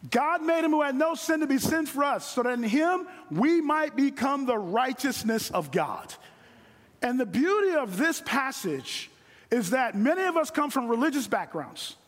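A middle-aged man preaching a sermon from a stage, earnest and repeating phrases for emphasis, slowing down on key lines. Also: extremely high pitch, sing-song. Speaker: guest preacher. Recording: long hall reverb.

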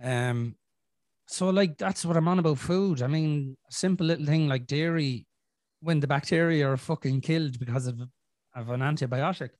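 A man's voice: fairly high pitch, normal speed, darkish tone, no room sound. Sweary Irish man in casual chat. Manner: rambling, frank and sweary, with many restarts. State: clearing his throat from a chest infection. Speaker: podcast host.

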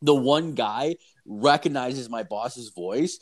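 A man's voice: mid-range voice, moderate pace. Profane, rambling young man telling stories. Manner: profane, rambling, animated storyteller. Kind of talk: casual storytelling chat.

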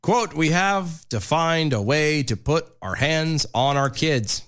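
A man's voice: on the high side, lively intonation, slow pace, a bit bright, smooth. A man co-hosting a talk radio show, reading news items aloud with sarcastic asides. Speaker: radio co-host.

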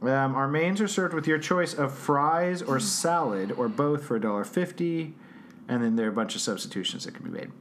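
A podcast co-host in a casual show reads a menu aloud, drawing it out, cracking jokes and laughing often. His voice is medium-pitched, with a little hiss or hum in the audio.

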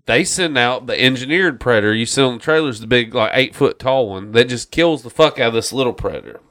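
On a casual podcast, a man rants about a movie with lots of swearing and mocking quotes. His medium-pitched voice is a bit bright, brisk, with lively intonation.

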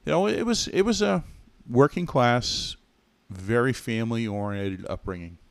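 His voice is mid-range and creaky, with lively intonation and a normal speaking speed, recorded without echo. This middle-aged Massachusetts man, a podcast co-host being interviewed, tells his childhood story in a rambling, chatty way, full of self-corrections and asides.

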